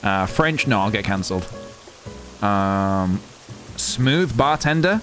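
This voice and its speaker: Animated, chatty male streamer. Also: on the low side, slow. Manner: animated, giggly, chatting to viewers. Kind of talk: casual live-stream chat while gaming. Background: game music.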